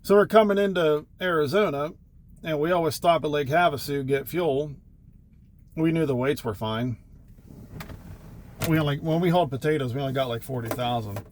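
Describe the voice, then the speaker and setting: A man's voice: on the high side, normal speed, pauses often. A middle-aged man, a truck driver, telling rambling, profane road stories in a casual way. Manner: rambling, profane, wry anecdotes. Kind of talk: casual storytelling.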